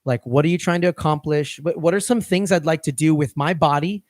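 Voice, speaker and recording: Man, podcast co-host, fitness coach, slightly high pitch, rambling, dry studio sound. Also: brisk, a little mellow, dry recording. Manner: rambling, restarts phrases often. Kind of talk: casual podcast chat.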